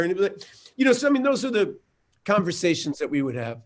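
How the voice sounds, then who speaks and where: A man speaking as a showrunner guest in a roundtable conversation, telling a story in a halting but animated way. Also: high-pitched.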